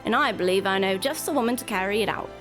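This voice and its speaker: A woman's voice: mid-range voice, quick pace, over music, natural voice. A woman voicing a smug, scheming male guildmaster in a game, with a put-on accent and a grand, formal delivery.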